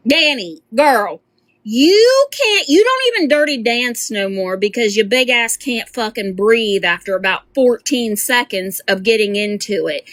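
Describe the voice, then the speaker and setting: A woman's voice: fairly high pitch, bright, forceful tone, dry recording. A woman streamer reacting to a clip, roasting the speaker with mocking, teasing commentary. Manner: teasing, roasting, exaggerated squeals.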